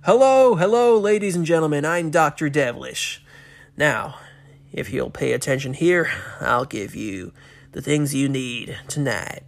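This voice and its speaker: A man's voice: on the high side, animated, measured pace, gravelly. A man voicing a campy, unlicensed mad-scientist doctor who hosts a horror show, in a put-on American accent and a theatrical, showman manner.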